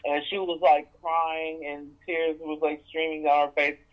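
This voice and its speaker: Male caller, slightly high voice, blunt, slangy, dull lo-fi phone line. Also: flat delivery, a little slow. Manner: blunt, outspoken, casual slang. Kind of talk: casual call-in chat.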